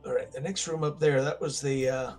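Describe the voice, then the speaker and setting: A man's voice: a little high, steady tone, brisk, a little mellow, faint music behind. A man playing a tabletop game, thinking out plans in a casual, practical way with some restarts. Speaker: player.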